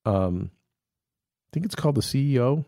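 Guy cohosting a podcast, rambly, mid pitch, dry close sound. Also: lively intonation, measured pace, dark tone, no echo. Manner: rambling, many restarts and fillers. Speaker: podcast co-host. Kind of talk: casual chat.

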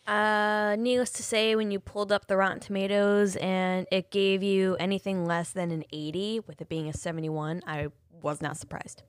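A woman's voice: medium pitch, level tone, normal speed, hardly any pauses, smooth, no room sound. A woman chats casually as she reviews a TV episode. She is blunt, laughs easily and swears freely. She acts out scenes with funny sound effects. The room sounds dry and close. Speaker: podcast co-host.

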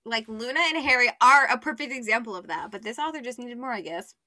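A chatty young woman co-hosts a casual podcast, peppering her retelling with "like" and slipping into quick voices for each character. Her voice sits high and sounds bright and crisp. It is recorded dry and close, with no room sound. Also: no echo. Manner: chatty, says "like" a lot, acts out characters' lines. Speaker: podcast co-host. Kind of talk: casual podcast chat, retelling a fan fiction story.

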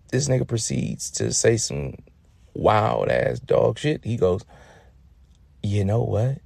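Gravelly, slangy male storyteller. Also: fairly low pitch, mellow, no room sound. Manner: profane, slangy, laid-back with lots of fillers. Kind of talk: casual comic storytelling.

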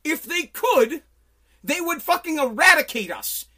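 A man hosting a podcast from his home basement, delivering an angry, profane political rant that bursts into shouting. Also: very high-pitched, big pitch swings, a little slow. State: sweating. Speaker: podcast host.

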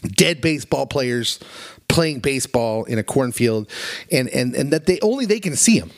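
A man's voice: medium pitch, expressive, moderate pace, no room sound, studio quality. A man co-hosting a podcast, earnestly retelling a story in casual chat with plenty of feeling. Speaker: podcast co-host.

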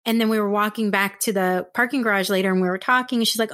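A woman podcast host from San Diego, telling stories in casual chat and acting out quotes in excited voices. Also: fast, hardly any pauses, no echo, clean studio sound. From San Diego, USA. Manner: animated storyteller, acts out quotes with high excited voices.

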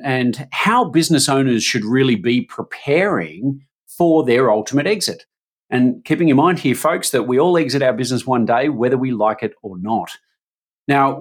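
An Australian man hosting a business podcast. He speaks earnestly, often restarting his phrases as he frames the questions. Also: mid-range voice. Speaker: podcast host. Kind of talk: podcast introduction and interview.

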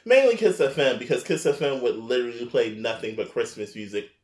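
A man co-hosting a podcast, telling a story in casual chat, animated and laughing, often jumping into high shrieking impressions. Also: a little fast, reverberant. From New York area. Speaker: podcast co-host.

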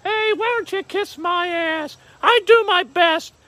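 Man putting on a salty talking orb, very high squeaky voice, defensive, cursing. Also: unhurried, bright, forceful tone, no room sound, heavily acted. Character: grumpy talking crystal orb, male.

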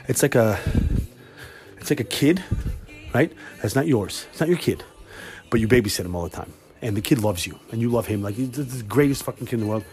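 A man hosting his own podcast, talking casually and swearing a lot as he tells animated workplace stories, then giving cooking tips more calmly and quietly. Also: mid-range voice. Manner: animated storytelling with lots of swearing. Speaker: podcast host. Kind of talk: casual monologue.

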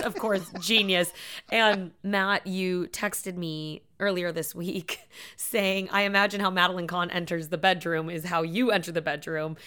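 Young woman, casual podcast chat, bright tense voice, laughs a lot, acts out quotes loudly. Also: on the low side. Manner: animated, quotes lines in big loud voices, laughs often. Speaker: podcast co-host.

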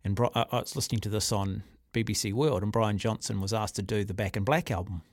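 A man hosting a sports radio show, telling stories in a rambling, animated way. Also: fairly low pitch, fast, dry recording, clean studio sound. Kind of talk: casual radio chat.

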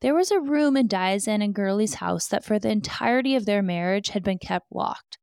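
A woman's voice: medium pitch, animated, moderate pace, creaky, darkish tone, clear, resonant tone, no echo, studio quality. A woman hosting a true crime podcast, retelling a con man's story with sarcastic, incredulous asides.

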